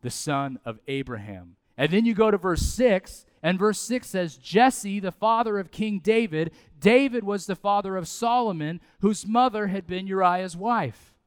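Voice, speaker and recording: A man, preaching a sermon in a conversational, animated way with asides and repetition. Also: sits high, a little slow, hardly any pauses, clear, resonant tone, no room sound. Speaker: pastor.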